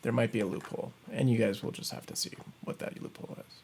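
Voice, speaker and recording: A man with a mid-range voice co-hosts a podcast in relaxed conversation. He talks in an easy, joking way. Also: mid-range voice, fast, creaky, background noise. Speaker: podcast co-host. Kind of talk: casual chat.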